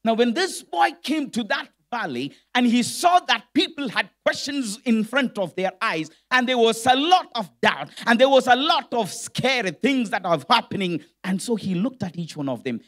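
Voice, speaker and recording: A man's voice: very high-pitched, expressive, normal speed, few pauses, a bit bright. A man, a church elder, preaching a storytelling sermon and putting direct questions to the congregation.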